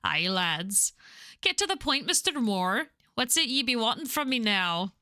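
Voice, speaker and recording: A menacing middle-aged Irish gang boss , as a woman puts him on for a video game, speaking in a slow, mock-sinister drawl with a put-on Irish lilt. The voice sits fairly high and bright, and the sound is dry and close. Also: very animated, no echo, heavily acted.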